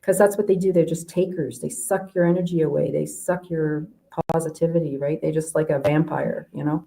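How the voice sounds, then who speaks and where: Guest spot: a low-pitched woman coach from Canada, rambling and chatty, full of fillers and restarts. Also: fairly even intonation, a little fast, creaky, mellow, poor audio. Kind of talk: casual interview chat.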